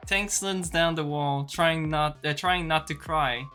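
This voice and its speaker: Slow, bright-toned stream narrator. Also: mid-range voice, faint music behind. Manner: slow, careful reading with small slips. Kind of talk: narrating a visual novel on stream.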